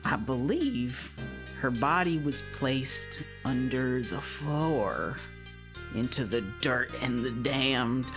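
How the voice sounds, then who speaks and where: A woman's voice: low voice, a bit bright, exaggerated voice. A woman voicing an old witch who lives in a run-down shack, sighing and dramatic in a folksy drawl.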